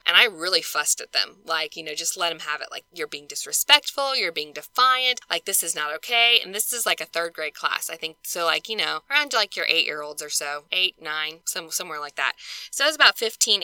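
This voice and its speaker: A woman's voice: lowish voice, bright, forceful tone, clear, resonant tone, dry recording, poor audio. A woman hosting a casual scripture study podcast, talking in a chatty way with lots of fillers. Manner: chatty, lots of "like" and "you know". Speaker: podcast host.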